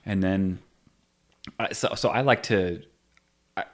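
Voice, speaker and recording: A man hosting a podcast, chatting in a relaxed, easygoing way. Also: low voice. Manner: relaxed, chatty, quick back-channel replies. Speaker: podcast host. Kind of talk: casual chat.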